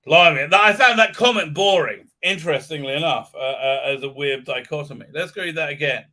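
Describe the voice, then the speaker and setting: A man's voice: fairly high pitch, brisk, few pauses, bright, forceful tone. A man hosting a live commentary stream, ranting sarcastically and swearing, with lots of fillers and restarts. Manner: sarcastic, swears, mocks what he reads with put-on silly voices; hesitant, many fillers and restarts.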